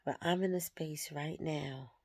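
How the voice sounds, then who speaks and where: In a vlog, a woman offers a personal spiritual reflection in a slightly low voice. She speaks very slowly and softly, candid in tone, leaving pauses between her thoughts.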